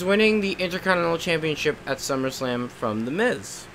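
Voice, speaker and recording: A young man chats casually while live streaming a game, rambling and now and then swearing at it. His slightly high, slightly bright voice is expressive and fairly quick with hardly any pauses, and there's a little hiss or hum.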